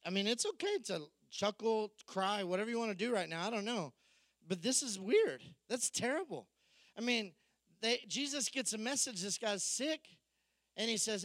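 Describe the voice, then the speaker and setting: A man preaching a sermon, telling a Bible story with lively acted-out dialogue. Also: high-pitched, normal speed, no echo. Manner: animated storytelling, acting out the disciples' voices. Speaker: pastor.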